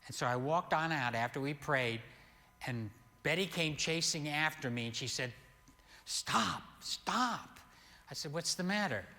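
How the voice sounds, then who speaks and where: An older man preaching as a pastor, telling a healing story slowly and animatedly, with sudden loud peaks. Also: fairly high pitch. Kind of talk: sermon storytelling. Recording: long hall reverb.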